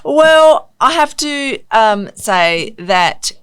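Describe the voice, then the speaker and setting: A woman's voice: fairly high pitch, very animated, drawn-out words, smooth, no echo. An Australian woman, a city councillor co-hosting a podcast, talking casually and chattily, laughing often and searching for words. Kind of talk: casual chat.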